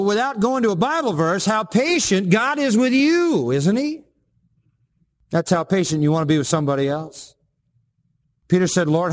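Male pastor, emphatic sermon delivery, slightly higher voice, long hall reverb. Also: darkish tone. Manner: emphatic preaching with repeated phrases and sudden pitch rises.

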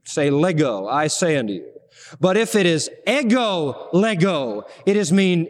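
High-voiced preacher in a reverberant hall. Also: male voice. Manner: emphatic preaching, rising to stress key words. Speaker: pastor. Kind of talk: expository sermon.

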